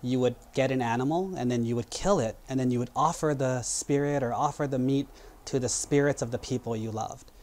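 A Buddhist monk delivering a daily sermon, telling an old parable in simple, measured sentences. His voice sits at an ordinary middle pitch for a man, plain and even. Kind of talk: sermon storytelling. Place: temple.

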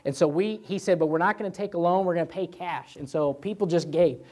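A man's voice: high-pitched, brisk. Chatty man teaching a church Bible study. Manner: conversational, with many fillers and restarts; animated, voices God and himself in asides. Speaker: pastor.

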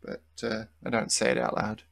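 A man's voice: mid-range voice, completely flat delivery, moderate pace, gravelly, fairly bright tone, no echo. A young man hosting a casual podcast chat, laid-back, swearing casually and trailing off mid-sentence. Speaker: podcast host.

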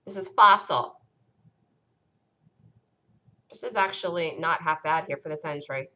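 A woman hosting a live day-trading room, calling out entries and stops in an urgent, rapid-fire way, her voice worn and close to giving out. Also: on the low side, fairly bright tone, slight background noise. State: losing her voice. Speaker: day-trading show host.

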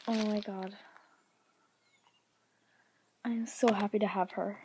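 A young woman vlogging an unboxing, gushing and gasping, often dropping to an excited whisper. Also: mid-range voice, slow, long pauses, very noisy.

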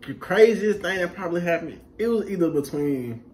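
Animated young man, high voice. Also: a little fast. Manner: animated storyteller, acts out quotes, laughs often. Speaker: vlog host. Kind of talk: casual storytelling chat.

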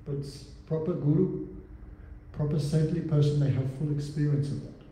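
A man's voice: fairly high pitch, steady tone, normal speed, mellow, slight background noise. A man giving a religious class as a spiritual teacher, reciting Sanskrit verses, translating them and posing rhetorical questions. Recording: very echoey hall with long reverb.

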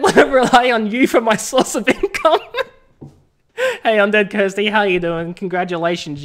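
An Australian woman streaming a game and chatting playfully with viewers, often laughing. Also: on the low side. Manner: playful, laughing, teasing the chat. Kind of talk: casual live-stream chat.

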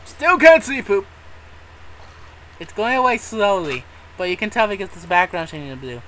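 Animated, swearing let's-play gamer. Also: medium pitch, moderate pace, a little hiss or hum, rough recording. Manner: excitable, swears and laughs often. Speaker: gamer playing a modded survival game. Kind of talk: casual let's-play commentary.

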